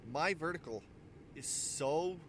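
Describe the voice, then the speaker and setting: Lively, joking male radio host. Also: on the high side, slow pace, background noise. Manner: rambling, jokey, laughs at his own stories. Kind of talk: casual morning show chat and trivia. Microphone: handheld microphone.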